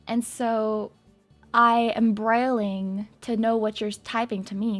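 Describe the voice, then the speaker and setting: A young woman livestreamer chatting casually with viewers, playful and excitable, swearing and breaking into loud screams and laughs. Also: fairly high pitch. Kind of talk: casual chat to stream viewers.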